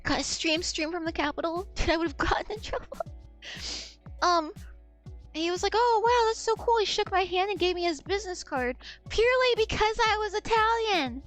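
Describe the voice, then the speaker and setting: A woman's voice: extremely high pitch, normal speed, fairly bright tone, faint music behind. A woman in her twenties chatting casually as a streamer, rambling, losing her thread and swearing freely. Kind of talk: casual chat.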